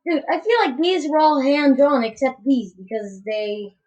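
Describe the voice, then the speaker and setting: A woman's voice: sits high, animated, moderate pace, a little mellow, poor audio. A woman giving casual, goofy gameplay commentary, rambling and tripping over her words.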